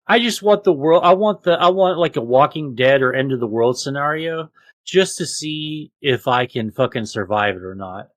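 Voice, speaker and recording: A man co-hosting a casual podcast, ranting with lots of swearing and loud outbursts. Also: medium pitch, expressive, normal speed, dry recording. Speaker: podcast co-host.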